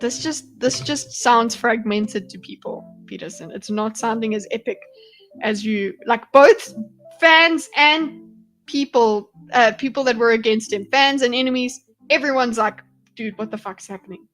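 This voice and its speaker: A woman's voice: a little high, measured pace, a bit bright, soft background music. South African woman streamer, rambling. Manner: rambling, swears and laughs often. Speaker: livestream commentator. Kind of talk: casual livestream commentary. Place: home streaming setup.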